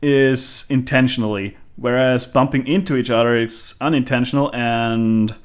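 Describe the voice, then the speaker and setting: A man's voice: mid-range voice, steady tone, normal speed, clear, resonant tone. A man in casual stream chat who laughs often and swears casually.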